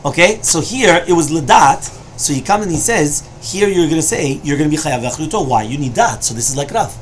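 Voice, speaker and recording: In this Talmud study lecture, a man with a fairly high, animated voice speaks rather quickly over slight background noise. He explains every line as he teaches and keeps asking "right?" and "you understand?" to make sure his listeners follow.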